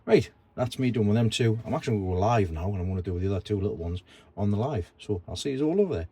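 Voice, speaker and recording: Talking very fast, an allotment vlogger with a lowish, warm and husky voice chats expressively about gardening outdoors in his garden and allotment. He's casual and self-deprecating as he covers his plants.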